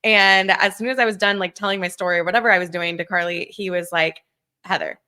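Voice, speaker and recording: A woman in her thirties telling a story on a podcast, animated, acting out quotes and laughing often. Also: lowish voice, fast talker, clear, resonant tone. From Southern California. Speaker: podcast co-host. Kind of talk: casual storytelling chat.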